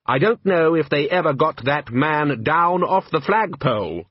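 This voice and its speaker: A cool, dry-witted ruler in disguise, as a man puts him on in a comic fantasy audiobook. He delivers jokes slowly and deadpan. Husky voice, slightly raised. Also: on the high side, no echo, lo-fi sound, pitched above the performer's own voice.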